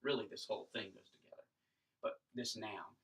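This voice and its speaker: A man's voice: lowish voice, a little fast, fairly bright tone, distant mic, poor audio. A man teaching a Greek grammar lesson at a whiteboard, thinking aloud as he writes and checking in with rhetorical questions. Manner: explanatory, thinks aloud while writing, asks rhetorical checks. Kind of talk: recorded classroom lecture at a whiteboard.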